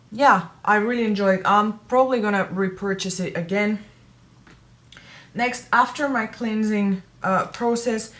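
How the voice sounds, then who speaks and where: A woman beauty vlogger giving a casual skincare product review, chatty and self-correcting, repeating words for emphasis. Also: medium pitch.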